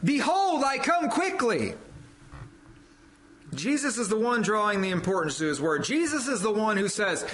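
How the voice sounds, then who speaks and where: Fervent male preacher, very animated delivery, lines repeated for stress. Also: sits high, fairly quick, few pauses, slight background noise, poor audio. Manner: fervent, rising to loud emphatic peaks on quoted scripture; repeats phrases for emphasis. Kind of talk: sermon.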